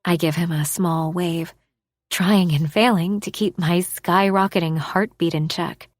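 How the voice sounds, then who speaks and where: A woman narrating a romance audiobook in the first person, expressive, dropping to a hush for inner thoughts. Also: on the low side, a little slow, no echo, clean studio sound.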